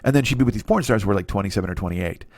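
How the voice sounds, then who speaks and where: A man in his forties rattles through a crude solo comedy riff at a quick clip. He keeps cutting himself off and tossing in brief silly voices. The sound is dry and close, with no room around it. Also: fairly low pitch, darkish tone, no room sound. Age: 40s. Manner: rambling, crude, self-interrupting, acts out quick voices. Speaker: comedy podcast host. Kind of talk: solo comic monologue.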